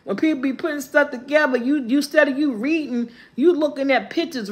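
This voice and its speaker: Woman, high voice, animated casual storytelling, frequent laughter. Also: moderate pace, hardly any pauses. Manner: animated, laughing often, rising into high squeals when quoting. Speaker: vlogger.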